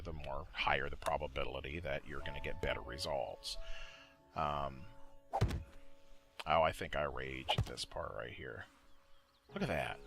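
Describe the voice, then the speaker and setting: Deep, rambling male gameplay voice-over. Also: sharp tone. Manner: rambling, profane, frequent fillers and self-corrections. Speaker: gaming video creator. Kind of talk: casual voice-over commentary. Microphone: desktop mic, voice-over recording.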